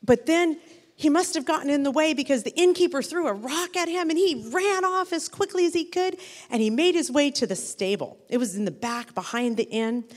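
High animated woman telling a children's story. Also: in a large hall. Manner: animated, asks the listening children questions.

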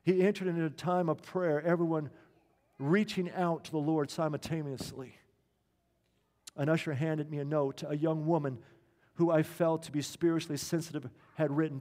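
A man, a pastor, tells a story in an earnest sermon, slowing down to stress key lines. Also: fairly high pitch, fairly even intonation, darkish tone, big-room sound.

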